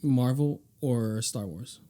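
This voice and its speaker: A young man hosting a podcast, firing off quick questions in a playful way and laughing often. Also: mid-range voice, mellow. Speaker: podcast host. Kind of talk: casual rapid-fire question game.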